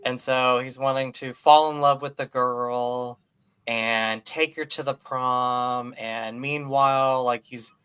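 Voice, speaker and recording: Bright, clear-voiced man gushing about films. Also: medium pitch, slow pace. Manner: animated, gushing, many fillers. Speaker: podcast co-host. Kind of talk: casual movie chat.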